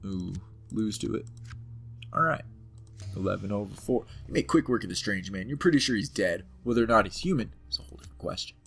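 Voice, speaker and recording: A man's voice: lowish voice, lively intonation, a little fast, fairly bright tone, breathy edge. A man playing a computer game, reading its text aloud and commenting on it in a playful, hammed-up way. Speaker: let's-play host.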